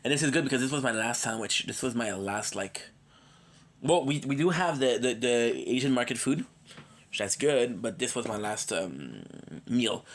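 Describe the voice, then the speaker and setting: A worn-out man hosts a live gaming stream and chats loosely with viewers he knows by name. He rambles and jokes, slipping in stray foreign phrases, and sounds like a cold is coming on. His voice sits at an ordinary middle pitch. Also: lively intonation, moderate pace. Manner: rambling and playful, drops in foreign words. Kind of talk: casual livestream chat.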